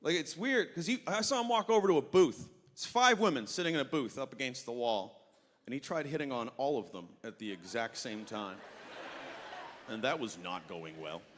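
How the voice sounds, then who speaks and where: A man doing an animated stand-up story, acting out the voices of the people in it. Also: mid-range voice, moderate pace. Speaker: stand-up comedian. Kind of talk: stand-up routine. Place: comedy festival stage. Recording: stage recording with long hall reverb.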